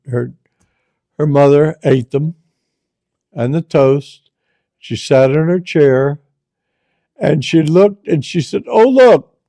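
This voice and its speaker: A man hosting a channel, telling stories in a slow, deliberate way and repeating phrases for emphasis. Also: a little high, mellow, no echo. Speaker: storyteller host. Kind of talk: casual spoken storytelling.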